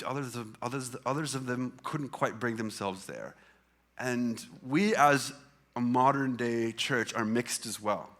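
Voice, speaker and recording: A man's voice: mid-range voice, fairly bright tone. A man preaching a sermon as pastor in a church, talking in a conversational way with many fillers and restarts. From Canada. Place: church hall with congregation.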